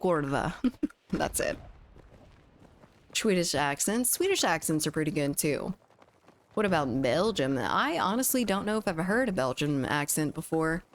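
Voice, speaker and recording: A woman's voice: deep voice, big pitch swings, measured pace. A young woman from the United States chatting on a gaming livestream, reading chat and laughing often, on a studio mic at home. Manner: chatty, giggly, reads chat aloud. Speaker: streamer. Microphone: studio condenser mic.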